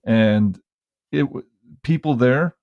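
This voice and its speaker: A man talking as a guest in a casual chat, thoughtful and a bit halting. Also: medium pitch, dry recording, phone-quality sound.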